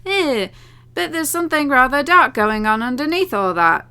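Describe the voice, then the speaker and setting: A woman voicing a secretive male company man in a game, calm and soft-spoken with a knowing edge. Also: sits high, normal speed, voice pushed up, exaggerated voice.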